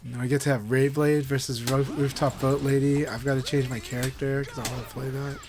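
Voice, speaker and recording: A man's voice: mid-range voice, level tone, fairly quick, background noise. A man live-streaming a fighting game, chatting casually and encouragingly with viewers.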